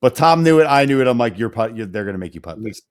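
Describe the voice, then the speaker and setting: Man, casual podcast co-host, animated storyteller, swears freely. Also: medium pitch, fast, clear, resonant tone. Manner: animated, swearing, acts out dialogue.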